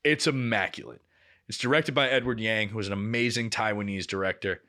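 A man's voice: lowish voice, fairly quick, bright, forceful tone. A young man co-hosting a podcast, telling a long story in casual chat and swearing often. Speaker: podcast co-host.

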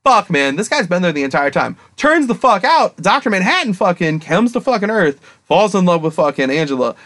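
A young man co-hosting a casual podcast, rambling excitedly and swearing constantly as he retells a story. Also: high voice, a little fast. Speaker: podcast co-host. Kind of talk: casual chat.

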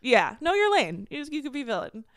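A woman in her thirties co-hosting a podcast in casual chat, emphatic and quick to laugh. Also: sits high, sing-song, no echo, studio quality. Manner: chatty, emphatic, laughs often. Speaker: podcast co-host.

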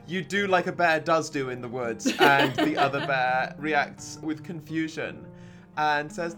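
A man's voice: on the high side, a little slow, music in the background. A man narrating a tabletop role-playing game as game master, playful and descriptive.

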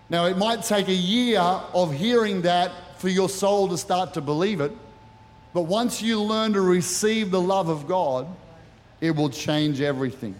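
High-voiced pastor preaching in a hall. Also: male voice, a little slow. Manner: earnest, personal storytelling with light humor. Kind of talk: sermon. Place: church service. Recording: reverberant church hall.

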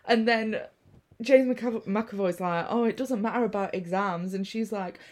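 A young woman co-hosting a casual film-review chat, telling the plot in a sweary, animated way and acting out the characters' lines. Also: medium pitch, measured pace. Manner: sweary, animated storytelling with acted-out quotes. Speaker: podcast co-host.

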